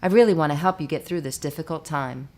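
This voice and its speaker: A woman reading scripted narration for a hospital staff training video, measured and instructive. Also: sits low, darkish tone.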